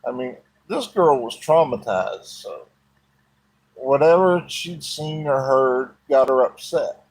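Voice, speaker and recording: A man's voice: medium pitch, expressive, slow, rough recording. A man telling a personal story in a folksy, plain-spoken way.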